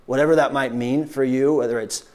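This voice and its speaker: A medium-pitched, steady, somewhat dark voice belongs to a pastor giving a sermon. He keeps it conversational, restarts frequently, and quickly acts out the voices of biblical people.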